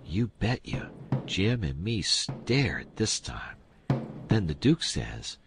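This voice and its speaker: A man's voice: low-pitched, lively intonation, a little slow. A man narrating an audiobook in a plain, folksy storytelling manner. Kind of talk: audiobook reading. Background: music.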